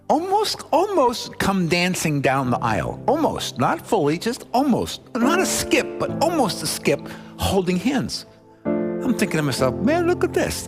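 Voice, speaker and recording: A man preaching, telling a story and acting out the dialogue as he goes. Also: fairly high pitch. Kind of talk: sermon storytelling. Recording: music playing underneath.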